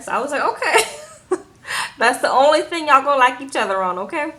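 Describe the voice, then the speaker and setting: A woman's voice: high-pitched, lively intonation, fairly quick, a bit bright. A woman casually recapping a reality show, retelling scenes and quoting people with a sassy "okay?" after her lines.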